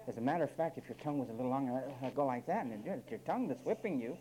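A male pastor preaching a sermon, blunt and direct, swinging between loud high bursts and low quiet asides and putting questions to his congregation. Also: expressive, very fast, few pauses, slight background noise, low-quality recording.

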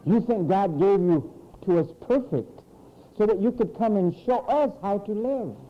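A man preaching a sermon in a church, animated and mocking as he mimics frantic people. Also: sits high, normal speed, dull audio, a little hiss or hum.

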